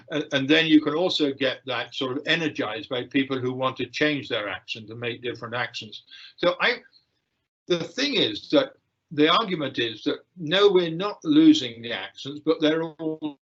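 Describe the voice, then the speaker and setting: An older man giving a lecture and answering questions, with frequent fillers, pauses and restarts. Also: mid-range voice, expressive, fairly bright tone. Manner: hesitant, many fillers and restarts. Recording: dull lo-fi livestream audio.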